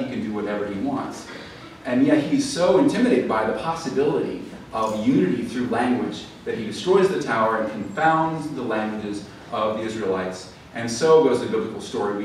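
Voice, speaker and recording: A man giving a talk to an audience, telling stories in a chatty way with fillers and restarts. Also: mid-range voice. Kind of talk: lecture to a live audience. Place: library event hall. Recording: echoey hall, mic at a distance, faint noise.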